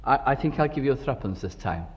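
Preacher putting on a gentle old English gentleman, vague and fatherly, soft and low, long hall echo, dull sound. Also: lively intonation, fast talker, slight background noise, natural voice. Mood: knowing. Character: kindly absent-minded elderly Englishman.

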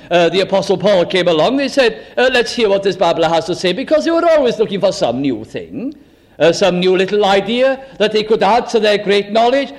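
A high-pitched male preacher with a possible lilt delivers a dramatic sermon. He stretches out his phrases for weight and slips into mocking voices when quoting proud, self-satisfied people. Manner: dramatic, acts out boastful quoted voices, slow emphatic phrasing.

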